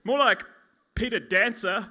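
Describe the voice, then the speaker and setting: A man's voice: high-pitched, unhurried, sharp tone. An Australian man doing a stand-up comedy set on a pub stage, rambling and self-mocking with lots of stammering restarts. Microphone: stage mic at a lectern.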